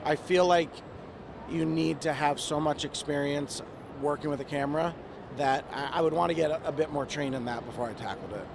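A man's voice: fairly high pitch, fairly quick, gravelly, noisy background. A man being interviewed outdoors at a fan convention, talking in an easygoing, hesitant way with fillers and restarts. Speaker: actor and producer, interview guest. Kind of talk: casual live interview.

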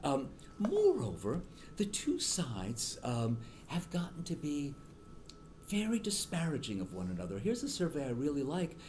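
A man's voice: fairly high pitch, huge pitch swings, a little slow, darkish tone, a little hiss or hum. A middle-aged man, a political science professor, giving a university lecture and telling stories with many ums and restarts.

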